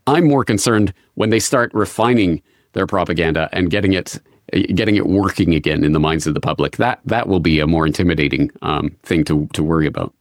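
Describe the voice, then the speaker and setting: A middle-aged man from North America answering interview questions in a measured way, often restarting his phrases. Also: low voice, no room sound. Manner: measured, restarts phrases, occasional dry laugh. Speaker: interview guest.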